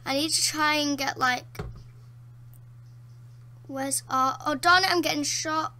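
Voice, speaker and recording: A high-pitched woman narrates her gameplay in a casual, rambling way, with a bright, sharp edge to her voice. She gets excited easily, gasping, laughing and exclaiming as she plays. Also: unhurried. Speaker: gameplay commentator. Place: at home in a dark room.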